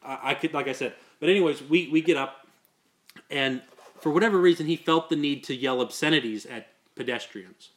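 A man's voice: on the high side, fairly quick, a bit bright. Rambling storytelling man. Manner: rambling, repeats words, laughs through stories. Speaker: podcast host. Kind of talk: casual storytelling chat.

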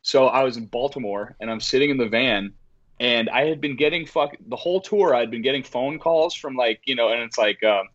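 A brisk, medium-pitched man's voice comes through a muffled recording. He's a record label owner on a podcast as a guest, casually chatting and telling animated stories with lots of cursing and fillers.

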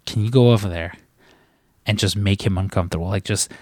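Casual low-voiced man telling a story. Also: a little fast, no echo, clean studio sound. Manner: rambling, lots of fillers and restarts, swears freely. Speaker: podcast host.

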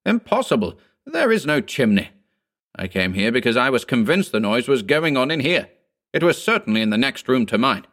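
A man reading a ghost story, voicing a sharp, agitated lawyer who speaks up in a raised, urgent voice. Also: mid-range voice, animated, brisk, pitched above the performer's own voice, close to an everyday voice. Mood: insistent. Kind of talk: audiobook character voice.

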